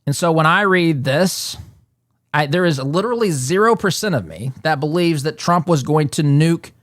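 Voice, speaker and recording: Male talk host, fairly high voice, insistent and repetitive, dry close sound. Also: a bit bright, no echo. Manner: emphatic, repeats words while building a point. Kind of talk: political commentary monologue.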